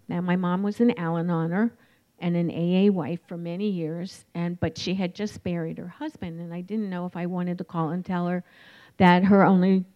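A woman in her forties telling her recovery story in a candid, reflective way, with many pauses and fillers. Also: fairly low pitch. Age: 40s. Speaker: recovery meeting speaker. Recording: dull lo-fi recording.

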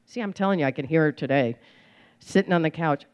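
A woman with a fairly low voice tells her personal story in an easygoing, meandering way. She pads her sentences with fillers and restarts, and keeps a light touch of humor. The recording sounds a little dull and lo-fi. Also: quick pace, clear, resonant tone. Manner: rambling, warm-humored, many fillers and restarts. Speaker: recovering alcoholic sharing her story. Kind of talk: personal testimony, casual storytelling.

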